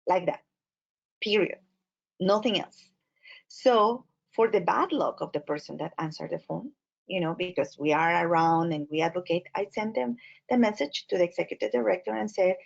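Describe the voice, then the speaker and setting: A woman with a Latin American Spanish accent, a Spanish speaker, giving a training talk as an immigrant advocate, expressive and full of fillers. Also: lowish voice, moderate pace, gravelly. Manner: expressive, animated storytelling with many fillers. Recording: muffled lo-fi audio.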